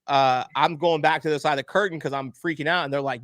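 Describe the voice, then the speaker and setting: A man's voice: medium pitch, brisk, hardly any pauses, dry recording, clean studio sound. A man, a podcast guest telling a personal story candidly and acting out the other voices. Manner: candid, animated storyteller, acts out quoted voices. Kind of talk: emotional storytelling interview.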